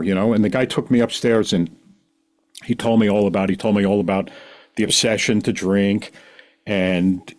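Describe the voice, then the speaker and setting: A middle-aged man with a fairly low voice talks casually as a podcast guest. He rambles through a personal story in an animated way, now and then acting out the voices of the people in it.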